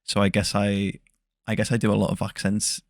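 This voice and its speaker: Soft-spoken gravelly English man. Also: fairly low pitch, monotone, brisk, no echo, clean studio sound. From England. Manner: soft-spoken, hesitant with many ums. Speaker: guest ASMR creator. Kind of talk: soft-spoken interview chat.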